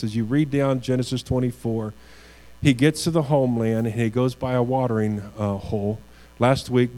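A pastor delivers a sermon in a warm, mellow voice, earnest and slightly halting, repeating words as he builds toward key lines. The rough recording carries a low mains hum underneath.

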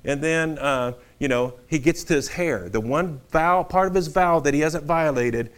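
A male pastor preaching a sermon in a conversational, animated storytelling way. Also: fairly high pitch, moderate pace, clean tone.

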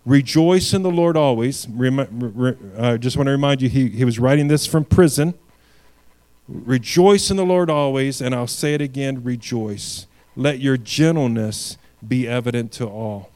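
A man preaches a sermon at a mid pitch. He reads scripture aloud and presses his points with rising, emphatic force, then drops back to a quieter tone. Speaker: pastor.

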